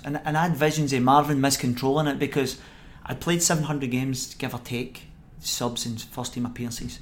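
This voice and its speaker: A middle-aged man with a Scottish accent, guesting on a podcast and telling stories with lively energy, laughing as he goes. His voice sits at an everyday middle pitch, with a faint hum of noise behind him. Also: moderate pace, few pauses. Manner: animated anecdote-telling, acts out quoted voices, laughs often. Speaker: former footballer guest. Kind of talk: podcast interview storytelling.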